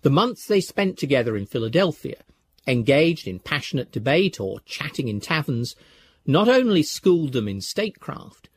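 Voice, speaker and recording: A man giving scripted documentary narration in a measured, storytelling way. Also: medium pitch, big pitch swings, breathy edge.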